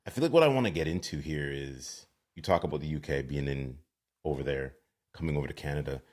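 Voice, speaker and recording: A man's voice: very deep voice, fast talker, a little mellow. A male podcast host asking chatty questions and heaping praise on his guest over a video call. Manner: effusive, admiring, chatty questions. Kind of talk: casual interview.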